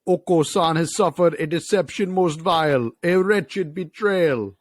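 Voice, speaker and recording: A man voicing a hyper, melodramatic male pigeon in a Jamaican accent, declaiming slowly in grand archaic phrases. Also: a little high, dry recording, pitched above the performer's own voice. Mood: vengeful grandeur.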